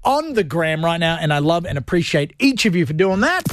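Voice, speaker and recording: A man hosting a radio show, joking and talking in playful fast patter from his studio. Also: a little high, big pitch swings, no room sound. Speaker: radio host.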